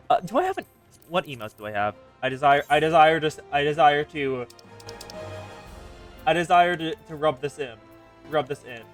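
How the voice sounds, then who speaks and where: A woman streaming a game, reacting with excited gasps and quick commentary. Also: sits low. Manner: excitable, gasping and laughing reactions.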